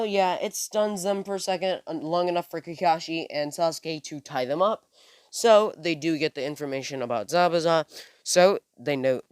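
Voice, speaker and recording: A man's voice: on the high side, clear, resonant tone, no echo. A man casually retelling a fan story, rambling with many fillers and self-corrections, recorded on a phone. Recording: dry close phone recording.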